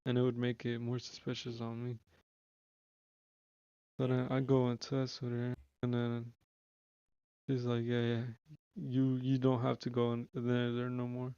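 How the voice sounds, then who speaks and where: A man's voice: mid-range voice, warm tone, clear, resonant tone, no echo, lo-fi sound. A young man streaming live, telling a long story in casual slangy speech with lots of swearing and restarts. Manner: rambling, slangy, swears freely, restarts often.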